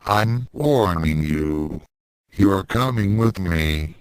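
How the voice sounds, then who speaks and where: A man's voice: deep voice, expressive, drawn-out words, smooth, dry recording, exaggerated voice, rough recording. A man reading fan fiction aloud and voicing a hot-tempered young fighter with a defensive, frustrated manner. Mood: angry. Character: young martial artist boy, guilty and hot-tempered.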